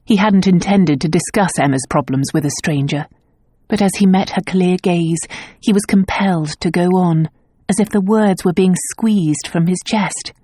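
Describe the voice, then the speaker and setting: A woman reads a romance novel aloud in a measured storytelling manner. Her voice is on the low side for a woman. The recording is dry and close, with no room sound. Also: dark tone, dry recording. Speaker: audiobook narrator. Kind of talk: scripted novel narration.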